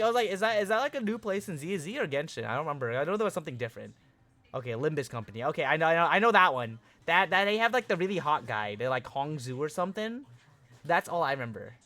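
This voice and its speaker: A young male streamer chatting live with his viewers, excitable and quick to swear and laugh at the chat. His voice sits a little high and sounds bright and sharp. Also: no echo. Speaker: livestream host. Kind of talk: casual livestream chat with viewers.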